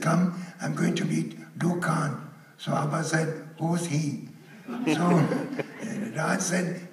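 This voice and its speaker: A man's voice: on the high side, a little hiss or hum. An older man on a conference panel, telling a story and quoting other people, laughing as he goes. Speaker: panel speaker. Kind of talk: anecdote told on a conference stage. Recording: echoey hall, mic at a distance.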